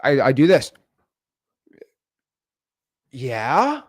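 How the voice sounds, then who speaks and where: A man casually teaching real estate wholesaling to the camera, animated and conversational, tagging sentences with okay and right. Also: fairly high pitch, normal speed, dry recording, clean studio sound.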